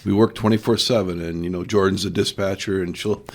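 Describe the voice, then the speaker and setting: A sheriff speaking on a radio talk show, hesitant and halting, with many restarts. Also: male voice, low voice, fairly even intonation. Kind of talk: casual radio interview.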